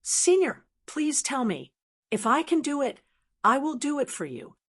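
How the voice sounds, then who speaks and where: A woman voicing a young male cultivator who stammers and pleads in a raised pitch. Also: big pitch swings, a little slow. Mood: pleading.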